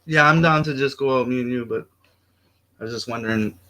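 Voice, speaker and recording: A man's voice: mid-range voice, brisk, bright, forceful tone. A man in casual chat on a stream, eager and teasing.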